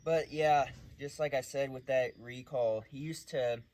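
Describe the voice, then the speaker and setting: A man's voice: medium pitch, steady tone, unhurried, darkish tone. A man who trains dogs, talking casually while working a dog outdoors at night, mixing loose explanations with short, firm commands.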